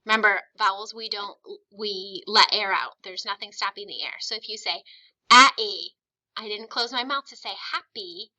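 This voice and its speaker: A young adult woman teaching a phonics lesson, patiently encouraging her students and sounding out vowels slowly. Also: mid-range voice, bright, forceful tone, rough recording.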